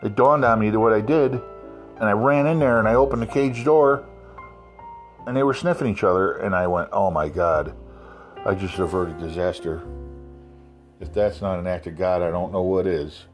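A man from South Carolina casually telling a profane, animated anecdote. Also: on the low side, normal speed, soft background music. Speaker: storyteller. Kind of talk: casual storytelling.

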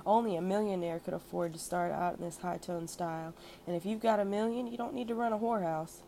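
A woman reading aloud as an elderly, wealthy madam who is kindly and blunt, with a soft, cultured, warm way of talking. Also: fairly low pitch, fast, a little hiss or hum, natural voice, rough recording. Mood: frank. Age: older.

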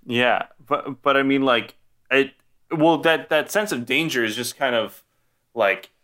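Casting note: male podcast co-host, bright, clear voice, loose, rambling film chat full of fillers. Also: medium pitch, unhurried. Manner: rambling, many fillers and restarts. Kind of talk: casual film discussion.

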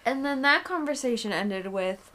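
A woman's voice: fairly high pitch, lively intonation, normal speed, a bit bright. A young woman co-hosting a podcast, talking casually in a blunt, candid way. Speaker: podcast co-host. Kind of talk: casual chat.

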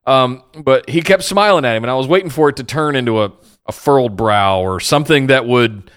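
A man's voice: medium pitch, fairly quick, a bit bright, clear, resonant tone. A man co-hosting a podcast, blunt and joking in casual wrestling chat. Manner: blunt, joking, mock-exasperated. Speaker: podcast co-host.

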